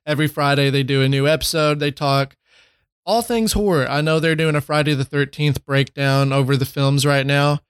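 A man's voice: fairly high pitch, steady tone, normal speed, clean tone, no echo, studio quality. A man co-hosting a horror podcast in casual chat, laid-back and jokey with lots of fillers. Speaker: podcast co-host.

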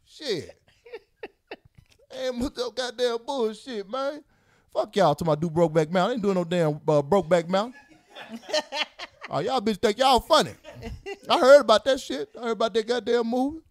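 A young man co-hosting a casual chat show, ranting loudly in a profane, joking way. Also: sits high, animated, moderate pace, pauses often. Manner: loud, profane, joking rants. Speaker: podcast co-host.

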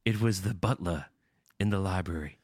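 A man jokingly posing as an artist and reciting a mystery-game clue in a playful, deadpan way. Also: low voice, normal speed, breathy edge, no room sound, studio quality. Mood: mock-solemn.

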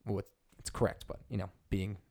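Male podcast co-host: gravelly, casual, lots of fillers. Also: low-pitched, flat delivery, normal speed, mellow. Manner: loose, filler-heavy delivery with many "you know"s. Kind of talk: casual chat.

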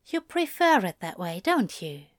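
A woman voicing a fond, gently teasing male caretaker figure in a storybook reading. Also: medium pitch, sing-song, a little slow, no room sound, clean studio sound. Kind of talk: audiobook reading of fan fiction.

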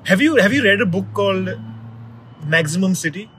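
A man's voice: high-pitched, expressive, fairly quick, fairly bright tone, a little hiss or hum, low-quality recording. A man in casual conversation, telling a story in a rambling way with many restarts.

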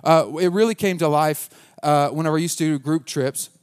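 A man's voice: fairly high pitch, brisk, clean tone. A man preaching a conversational sermon as pastor, earnest and casual, often restarting his sentences.

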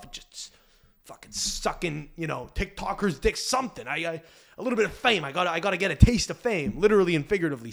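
A man's voice: sits high, a bit bright. A man hosting a podcast, ranting crudely and rambling with many restarts. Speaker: podcast host. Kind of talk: casual rant.

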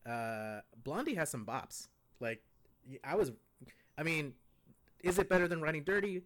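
A man co-hosting a podcast talks in a loose, slangy way, wandering through his thoughts. His pitch rises and falls with plenty of life. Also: animated, normal speed, a bit bright. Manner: laid-back, slangy, rambling. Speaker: podcast co-host. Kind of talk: casual chat.

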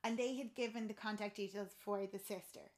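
In a casual chat, this woman recounts a movie's story with animation, voicing the characters' lines herself. She speaks fairly quickly in a mid-range, steady voice.

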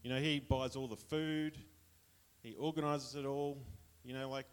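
A man's voice: mid-range voice, little pitch movement, normal speed, smooth. Chatty Australian man giving testimony. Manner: chatty, rambling, laughs often. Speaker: church member sharing testimony. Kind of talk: casual testimony to a congregation.

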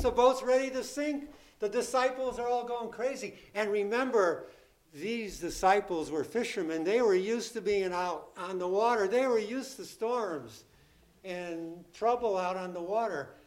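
Slow, high-voiced man preaching a sermon. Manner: emphatic, repeats key phrases, asks the congregation questions; acts out the disciples' panicked pleas in a raised voice.

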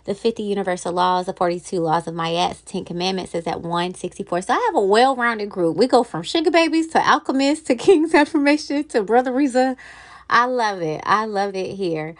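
A woman hosting her own podcast in casual solo chat, upbeat and chatty, talking straight to her listeners. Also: mid-range voice. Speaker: podcast host.

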